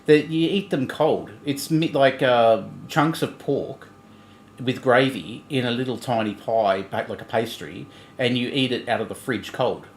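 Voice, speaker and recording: A middle-aged man co-hosting a livestream in blunt, animated casual chat, swearing freely. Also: medium pitch, measured pace, reverberant, a little hiss or hum. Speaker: livestream co-host.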